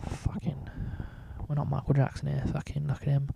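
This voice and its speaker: A man's voice: medium pitch, monotone, moderate pace, creaky, warm tone, slightly rough. A man talking casually through a drawing tutorial, rambling and swearing in almost every sentence. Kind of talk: casual screen-recorded tutorial.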